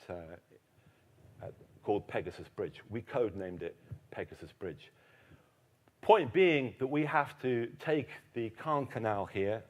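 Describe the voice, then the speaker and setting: A middle-aged man with an English accent tells a history story to a live audience as keynote speaker, dropping dry, teasing jokes. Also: fairly low pitch. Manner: dry, joking asides to the audience.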